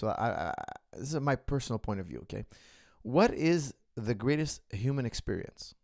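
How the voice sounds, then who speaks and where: A man's voice: medium pitch, lively intonation, unhurried, a little mellow, dry recording, studio quality. A middle-aged man, a martial arts coach, answering viewer questions in an earnest, philosophical casual monologue. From the West.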